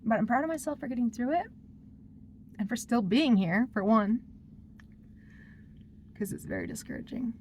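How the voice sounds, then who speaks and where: A woman's voice: a little high, expressive, normal speed, long pauses, a little mellow, slight background noise. A woman talking through her personal struggles in a confessional vlog, rambling and emotional as she vents. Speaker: vlogger.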